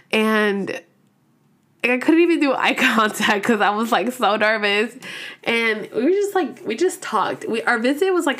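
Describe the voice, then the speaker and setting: A woman's voice: a little high, fairly bright tone. Profane rambling woman telling a story. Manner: rambling, profane, heavy use of "like" fillers; slang-filled, laughs when nervous. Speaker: podcast host. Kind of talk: casual storytelling.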